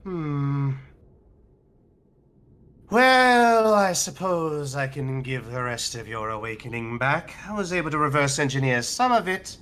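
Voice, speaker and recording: A man's voice: fairly high pitch, animated, a little slow, fairly bright tone. A man doing a cold, clinical storm giant. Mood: condescending. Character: cold detached male Storm Giant experimenter.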